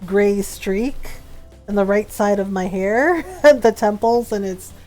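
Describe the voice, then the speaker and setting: A woman's voice: medium pitch, slow pace, a little mellow, faint music behind. A woman in her forties chatting casually as a streamer while she plays, laughing often and filling her talk with "like" and "um". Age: 40s. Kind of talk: casual chat while gaming.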